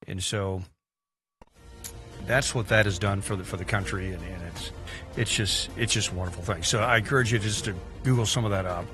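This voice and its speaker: A man's voice: fairly low pitch, fairly even intonation, fairly quick, over music. A man hosting a studio talk show, speaking in a folksy, rambling, conversational way.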